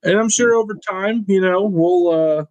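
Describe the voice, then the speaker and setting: A man co-hosting a casual food show, joking around and giving shout-outs. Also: sits high, normal speed, no room sound. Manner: laid-back, joking, lots of shout-outs. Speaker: co-host. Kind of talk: casual chat.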